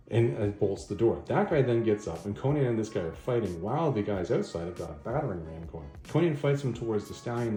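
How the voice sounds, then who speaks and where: A man's voice: on the low side, mellow. A man hosting a video, casually recapping a comic story with rambling self-corrections. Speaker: video host, comic reviewer. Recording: echoey room.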